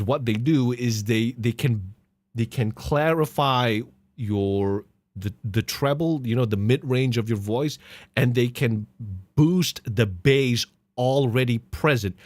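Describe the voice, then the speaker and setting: Podcast guy riffing on clips, lots of laughing, pitch jumps all over, dry close sound. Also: no room sound. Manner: mocking, laughs often, swears. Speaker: podcast host. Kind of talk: casual commentary on clips.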